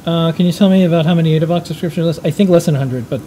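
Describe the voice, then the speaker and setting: Fast-talking mellow-voiced live-stream co-host. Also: mid-range voice, slight background noise. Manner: quick, offhand, joking. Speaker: co-host reading viewer questions. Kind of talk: casual live-stream chat.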